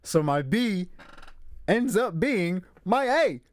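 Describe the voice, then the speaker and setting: A man hosting a casual solo movie talk, emphatic and animated, repeating his points. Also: high-pitched, takes it slowly, no room sound. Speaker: movie review host. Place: room with a squeaky chair.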